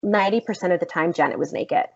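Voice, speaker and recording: A woman actress telling a story in a casual podcast interview, animated and emphatic, swearing freely. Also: on the low side, fast, vocal fry, husky. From United States. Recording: slightly dull lo-fi podcast audio.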